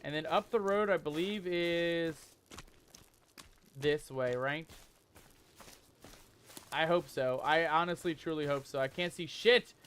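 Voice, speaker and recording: A man playing a survival horror game and commenting as he goes, calling his viewers "mateys" and shouting when he gets scared. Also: on the high side, slow pace, long pauses, clean tone. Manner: jumpy, excitable, loud when scared. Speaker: gaming YouTuber. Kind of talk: let's play commentary.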